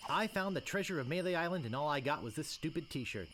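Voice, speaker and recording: A wry young pirate hero in a game, with a lively voice that swings up and down. He talks with deadpan humour. A faint hiss sits under the line. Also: on the high side, quick pace. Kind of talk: game dialogue.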